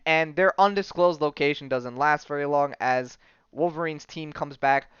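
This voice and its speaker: A man hosting a podcast, casually recapping a comic book story with plenty of fillers and quick acted-out character lines. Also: fairly high pitch, fairly bright tone, clear, resonant tone, dry recording, muffled recording. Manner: rambling storytelling with many fillers, briefly acting out characters' lines. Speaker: podcast host.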